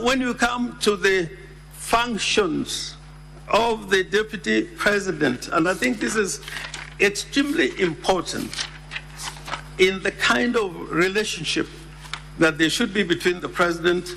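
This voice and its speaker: Slow, gravelly man arguing law. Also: sits high, bright, forceful tone, in a large hall, a little hiss or hum. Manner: slow, deliberate, emphatic, repeats key words. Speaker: lawyer. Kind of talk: formal legal argument. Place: senate chamber.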